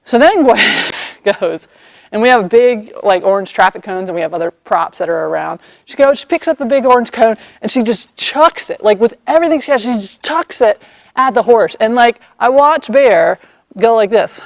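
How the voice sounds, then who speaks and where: A woman equine therapy practitioner, an animated storyteller who acts out the people in her story, recorded outdoors by horses on a camera mic. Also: fairly high pitch, normal speed, no room sound. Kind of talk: storytelling vlog.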